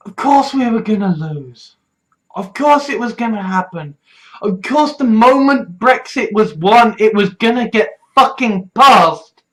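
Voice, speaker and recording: Young British vlogger, slow heated delivery, sarcastic, swears a lot, stuffy-nosed, mid-pitched. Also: lively intonation, rough recording. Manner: swears freely, heated and sarcastic, rising to shouting. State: stuffy nose. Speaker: political vlogger. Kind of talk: ranting political vlog.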